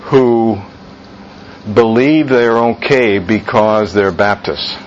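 A man teaching a Bible class as a pastor, speaking with slow emphasis and putting questions to the group. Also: fairly low pitch. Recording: muffled church recording with faint hiss.

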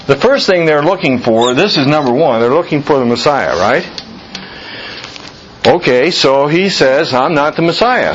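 A man teaching a Bible class as a pastor, speaking with slow emphasis and putting questions to the group. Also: on the high side, a bit bright. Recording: muffled church recording with faint hiss.

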